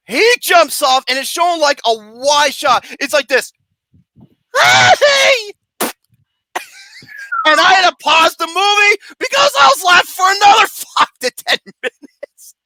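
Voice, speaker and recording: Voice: high-pitched, pushed and bright, no echo. A movie reviewer ranting about a film in a comedic, profane way, mocking and sarcastic, swearing constantly and breaking into laughter.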